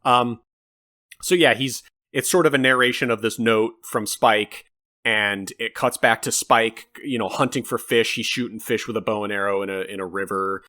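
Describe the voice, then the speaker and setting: A man co-hosting a podcast, chatting casually about a film in an animated, rambling way with some swearing. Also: fairly low pitch, moderate pace. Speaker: podcast co-host. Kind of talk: casual film review chat.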